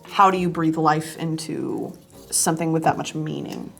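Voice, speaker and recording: A woman's voice: sits low, moderate pace, vocal fry, a bit bright, soft background music. An American woman in her twenties hosting a casual comedic interview, playful, laughing often and swearing freely. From United States. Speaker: host.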